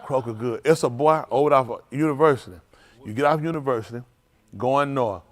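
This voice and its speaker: A man, a pastor telling food stories to his livestream with laughter and excitement. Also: mid-range voice, fairly quick. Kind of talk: casual livestream storytelling.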